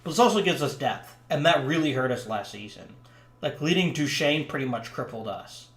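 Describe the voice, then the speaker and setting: A man's voice: medium pitch, lively intonation, normal speed, fairly bright tone, roomy sound. A man casually commenting on a hockey management game he is playing, rambling with frequent ums. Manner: chatty, rambling, lots of ums. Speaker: let's play commentator.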